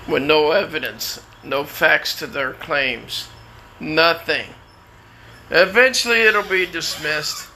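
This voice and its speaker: A man's voice: a little high, vocal fry, pushed and bright, a little hiss or hum, low-quality recording. A man talking at home in a rambling personal monologue, laughing at his own jokes. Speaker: vlogger.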